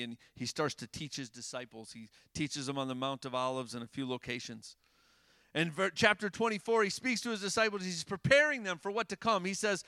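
A man preaching a sermon in a casual, animated way, rising to loud emphasis and dropping to hushed tones. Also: medium pitch, smooth, no room sound.

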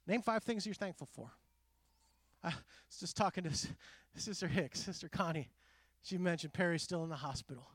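A middle-aged man preaching a conversational sermon, animated and full of quoted asides. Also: on the high side, normal speed, no echo, clean studio sound. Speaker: pastor.

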